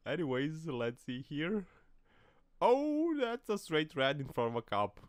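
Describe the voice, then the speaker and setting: A man's voice: a little high, lively intonation, moderate pace, clear, resonant tone, no room sound, studio quality. A man commenting over dashcam clips with a joking, mocking tone, laughing often and putting on silly voices. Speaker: video commentator.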